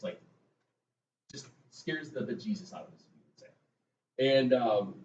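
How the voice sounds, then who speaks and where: A man's voice: mid-range voice, darkish tone, far from the mic, a little hiss or hum. A male math teacher, giving a casual, chatty classroom lecture and telling stories to his students. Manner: conversational, tells stories to the class. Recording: roomy classroom, voice from afar, dull sound.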